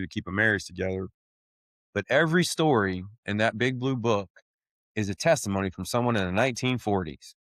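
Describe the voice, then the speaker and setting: A man's voice: lowish voice, fairly bright tone, dry recording, clean studio sound. A man telling his own story on a podcast, candid and blunt, swearing casually and calling people "man.". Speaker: podcast host sharing his testimony.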